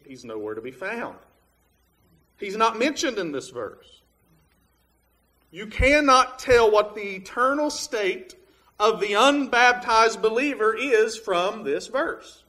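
Bright-voiced man teaching a Bible lesson. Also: a little high. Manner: plain, reasoning step by step with many fillers. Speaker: preacher.

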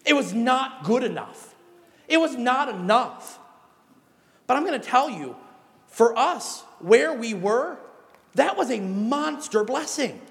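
A Midwestern pastor with a notably high voice preaches to his congregation. He tells animated stories, then drives home his points with emphatic exhortations. His voice carries with a long reverb, as if filling a large church hall. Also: takes it slowly, vocal fry. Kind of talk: sermon.

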